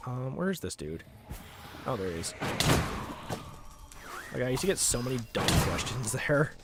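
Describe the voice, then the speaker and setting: A man's voice: mid-range voice, very animated, a little slow, over loud music. A young man streaming a game, casually telling rambling stories full of fillers. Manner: rambling, filler-heavy, chuckling. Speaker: gaming streamer. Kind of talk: casual storytelling while gaming.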